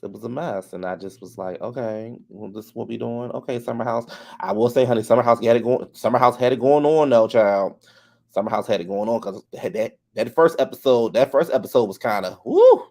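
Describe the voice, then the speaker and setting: A sassy, gossipy man recaps a reality show in a loose, chatty way. His voice sits at a middle pitch and leaps high when he imitates the cast. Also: creaky, darkish tone. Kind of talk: casual recap commentary.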